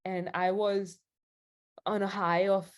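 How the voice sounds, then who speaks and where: A woman's voice: mid-range voice, level tone, slow pace. Chatty woman leading a group. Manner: chatty, laughs often, many fillers like "like". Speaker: spiritual session leader. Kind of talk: casual storytelling to a group.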